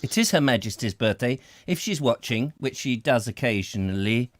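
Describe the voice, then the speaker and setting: A man's voice: mid-range voice, animated, normal speed, few pauses, no echo, clean studio sound. A man with a southern English accent hosting a casual comedy chat show. He talks in a rambling, jokey, self-mocking way. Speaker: host.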